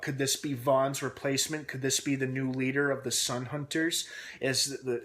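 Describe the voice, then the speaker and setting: A young man talking through a TV episode recap in a loose, rambling way. His voice sits at an ordinary middle pitch, and "uh" fillers and restarts break up his sentences. He keeps tossing speculative questions out to his viewers. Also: a bit bright. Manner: asks himself questions aloud while speculating. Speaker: TV episode reviewer and channel host. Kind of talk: casual recap vlog.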